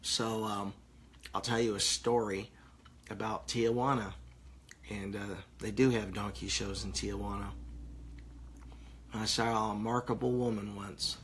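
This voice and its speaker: A man's voice: fairly low pitch, flat delivery, a little slow, pauses often, a bit bright, slight background noise. A stoned man reading viewer comments on a casual live stream, crude, joking and rambling. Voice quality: gravelly.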